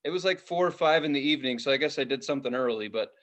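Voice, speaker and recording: A man's voice: medium pitch, very fast, fairly bright tone. A young man co-hosting a podcast, telling a long, rambling, profane story in casual chat. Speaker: podcast co-host.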